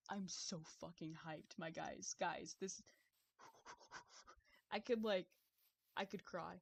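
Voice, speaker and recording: A young adult woman chatting on a live stream, excitable and rambling, who swears often and stumbles over her words. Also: on the low side, takes it slowly, vocal fry, long pauses, husky, no room sound. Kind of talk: casual live-stream chat.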